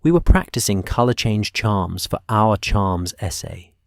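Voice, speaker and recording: A cheeky teenage twin who plays innocent with a glib, easy manner, voiced by a man. He talks slowly in a low, soft storybook tone, close and dry. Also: animated, no echo.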